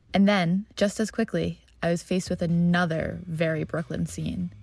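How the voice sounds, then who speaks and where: A woman's voice: lowish voice, a little mellow, no echo. A woman reading a personal story aloud, with vivid, dramatic delivery.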